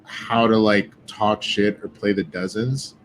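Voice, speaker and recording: A man in casual podcast chat, telling animated, profane stories and acting out what others said. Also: fairly low pitch, a little slow, a little hiss or hum. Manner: profane, animated storytelling with quoted voices. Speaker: guest.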